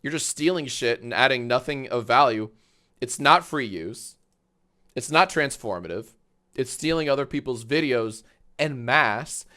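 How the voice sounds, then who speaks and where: Bright-voiced man ranting on stream. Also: mid-range voice, unhurried. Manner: sarcastic, profane ranting. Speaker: livestream host. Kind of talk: casual livestream commentary.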